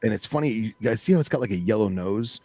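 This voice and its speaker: A man's voice: fairly low pitch, expressive, fast talker, warm tone. A man co-hosting a podcast in laid-back, enthusiastic casual chat. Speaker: podcast co-host.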